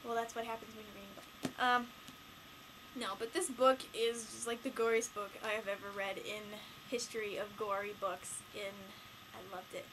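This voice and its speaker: A teenage girl chatting casually in a home vlog, rambling and excitable with lots of fillers. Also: medium pitch, normal speed, background noise. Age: late teens. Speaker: vlogger.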